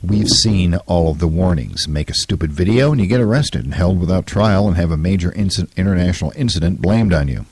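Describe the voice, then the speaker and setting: A man in his fifties hosting a solo talk show, his throat scratchy and hoarse, talking in an opinionated, rambling way full of fillers. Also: low voice, animated, fairly quick, few pauses, darkish tone. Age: 50s. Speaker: podcast host.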